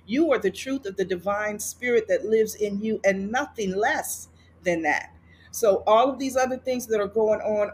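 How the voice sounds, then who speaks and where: Animated storytelling woman. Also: medium pitch, slight background noise. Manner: storytelling, animated, laughs often. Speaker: guest author. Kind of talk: casual podcast conversation.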